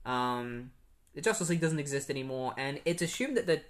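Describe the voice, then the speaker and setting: Aussie-based podcast guy recapping comics, mid-pitched, rambly and sarcastic with lots of ums and likes. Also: lively intonation, brisk. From Australia. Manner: rambling, sarcastic, frequent fillers. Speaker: podcast host. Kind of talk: casual comic-book recap.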